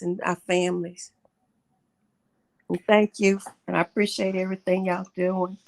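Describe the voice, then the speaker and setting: A middle-aged woman calling in to a livestream talk show, speaking earnestly and haltingly, often repeating herself. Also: on the low side, flat delivery, gravelly. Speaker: caller.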